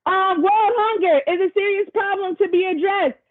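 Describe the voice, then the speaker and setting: Her voice is very high and she speaks at a moderate pace, facilitating a virtual workshop on a video call. The woman keeps things chatty and encouraging with casual remarks to the group, though the call audio is tinny.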